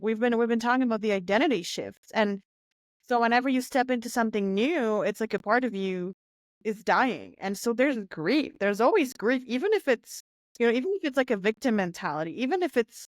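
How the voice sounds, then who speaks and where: A woman hosting a podcast talks in an animated, casual way, cursing freely and slipping into quoted voices. Her voice sits on the higher side. The sound is dry and close, with no room around it. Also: dry recording. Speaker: podcast host. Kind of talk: casual conversation.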